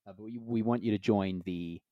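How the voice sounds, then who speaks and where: A man's voice: on the low side, fairly even intonation, fairly quick, no room sound, lo-fi sound. A man co-hosting a comedy podcast, riffing through playful made-up scenarios with lots of filler. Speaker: podcast co-host.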